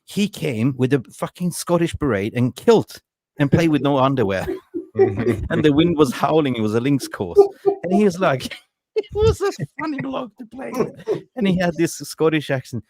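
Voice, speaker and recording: A man hosting a casual football fan podcast, an animated storyteller who laughs often. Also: on the high side, normal speed, no room sound. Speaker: podcast host.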